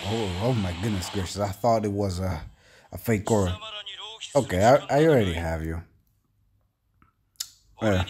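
A man doing casual commentary over gameplay as a gaming YouTuber, excitable and rambling, often stammering and restarting. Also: lowish voice.

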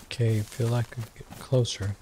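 A man's voice: mid-range voice, level tone, moderate pace, noisy background. A man giving casual gameplay commentary, rambling and thinking aloud as he plays. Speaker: gaming channel host.

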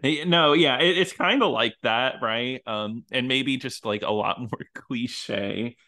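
A man's voice: medium pitch, takes it slowly, pushed and bright. A man co-hosting a podcast, chatting casually about a film, often laughing between his thoughts. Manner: laughs often, lots of ums and likes. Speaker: podcast co-host. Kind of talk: casual chat about a movie.

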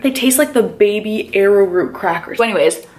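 A woman's voice: medium pitch, normal speed, background noise. A woman, chatting candidly to her camera in a casual vlog and saying "like" a lot. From Canada. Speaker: lifestyle vlogger.

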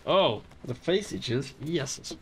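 A man's voice: fairly high pitch, lively intonation, very slow, breathy edge. A man streaming a game, chatting casually in a joking, rambling way and swearing often. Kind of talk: casual gameplay commentary.

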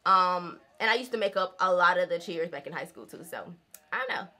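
A woman's voice: fairly low pitch, expressive, a little fast, pushed and bright. A woman, chatting casually to her viewers, laughing often and calling them y'all. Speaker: vlogger. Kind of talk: casual chat while doing her hair.

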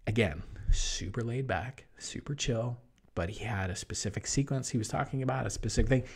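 A man talking as an online business coach in a casual promotional monologue, energetic, jumping between loud bursts and hushed asides. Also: medium pitch, brisk, slightly rough. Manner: mimics other people in quoted voices.

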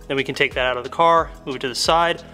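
Soft background music plays as a young man walks viewers through a car install step by step while he works inside the vehicle. He's a car modification vlogger, chatty and upbeat, calling his audience "guys." His mid-range voice is steady in tone, fast, bright, and forceful.

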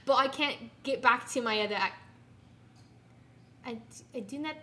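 A playful young woman chats casually while she bakes with friends. Her voice is high and bright, with a ringing edge. She keeps drifting into put-on accents and beatboxing. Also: normal speed. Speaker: streamer. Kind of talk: casual chat while baking.

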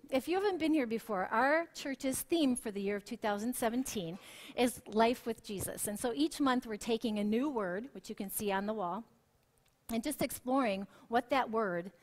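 A woman worship leader preaching a sermon in a church, telling stories with lively acted quotes. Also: fairly high pitch.

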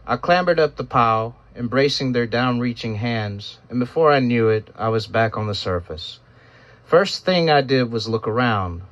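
A man narrating a first-person story in a solemn, measured storytelling manner, in a dull lo-fi recording. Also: mid-range voice, fairly bright tone.

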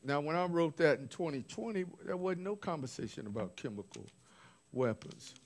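A man's voice: on the high side, expressive, moderate pace. A man preaching informally, recounting visions from his notes with restarts and asides. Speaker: apostle preaching. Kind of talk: sermon.

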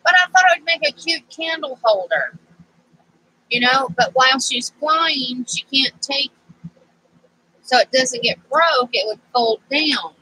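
A woman chats unhurriedly to her camera while crafting at home, drifting off on tangents as she goes. Her voice is bright and sits a bit high for a woman. A faint background hiss runs under the camera-mic sound. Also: lively intonation, a little slow, low-quality recording. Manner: rambling and chatty, easily sidetracked. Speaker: craft vlogger. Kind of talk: casual crafting chat to camera.

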